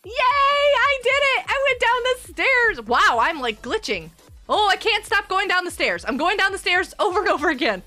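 A woman streaming a game and chatting casually with her daughter, excitable and giggly. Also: extremely high pitch, moderate pace, faint music behind. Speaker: streamer, mother of co-host. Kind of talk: casual live-stream chat while gaming.

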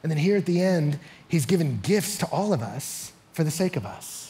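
Husky, high-voiced pastor preaching. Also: male voice, normal speed. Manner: energetic storyteller acting out quotes, rising loud and high in excitement; repeats words when starting sentences. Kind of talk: sermon. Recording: live church sanctuary.

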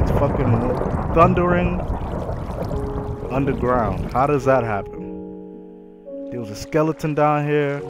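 Gaming host, male, slow unhurried delivery, swears a lot and reacts out loud, loud game music underneath. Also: mid-range voice. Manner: profane, excitable, reacting aloud to the game. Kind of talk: casual let's-play commentary.

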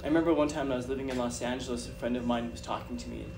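A man giving a talk to an audience, telling animated personal stories with a chatty, repetitive manner. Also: mid-range voice, racing, vocal fry. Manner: animated, chatty, repeats phrases. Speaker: guest speaker. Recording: distant mic with background noise.

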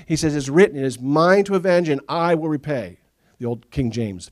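In a church sanctuary, a middle-aged pastor preaches a sermon, telling stories animatedly and acting out the voices of people he quotes. His mid-range voice moves at normal speed with hardly any pauses.

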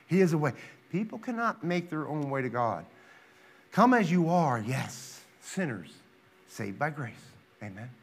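A man's voice: on the high side, big pitch swings, measured pace, husky. A man preaching a sermon as pastor, reading scripture aloud and pressing his point with rhetorical questions. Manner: dramatizes quotes with sudden loud rises.

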